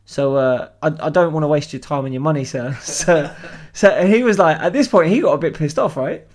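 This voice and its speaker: A young man telling a story on a podcast in an animated, swearing way. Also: fairly high pitch, brisk. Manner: animated, swears freely, acts out voices. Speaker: podcast co-host. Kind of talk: casual storytelling chat.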